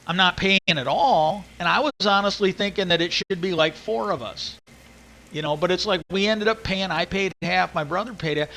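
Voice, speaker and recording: A man's voice: high voice, brisk, gravelly, bright, forceful tone, poor audio. A man ranting angrily in a casual livestream monologue, swearing often and restarting his sentences as he rambles. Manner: angry, profane, rambling with many restarts. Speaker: livestream host.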